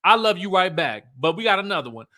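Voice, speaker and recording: Sassy high-voiced man hosting a live recap. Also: fast. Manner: sassy and animated, laughs often; talks straight to viewers, reads their comments aloud. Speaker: YouTube host recapping a reality show. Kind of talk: livestream recap commentary.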